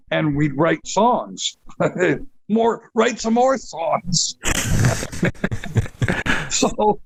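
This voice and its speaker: An older man from Canada, a guest musician telling stories in a casual, profane, animated way and acting out quotes. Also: a little high, creaky. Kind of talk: casual storytelling interview.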